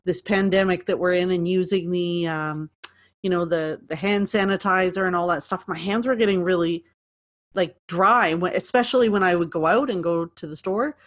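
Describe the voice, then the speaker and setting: A woman's voice: fairly low pitch, normal speed. A woman co-hosting a podcast, chatting casually in an easygoing way. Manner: easygoing, laughs often. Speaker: podcast co-host. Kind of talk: casual chat.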